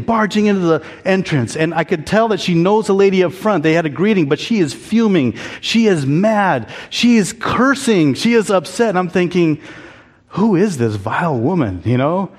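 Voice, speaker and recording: A man's voice: high voice, expressive, moderate pace, in a large hall. A man preaching a sermon as a pastor, candid and conversational, asking the congregation to answer back. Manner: candid, conversational preaching with audience call-and-response. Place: church.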